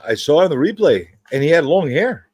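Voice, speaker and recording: A man's voice: fairly high pitch, sing-song, fairly quick, darkish tone, slightly rough, dry recording. A man hosting a casual live-stream chat, joking and teasing his co-host and the chat. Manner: joking, teasing, jumps into silly voices. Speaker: podcast host.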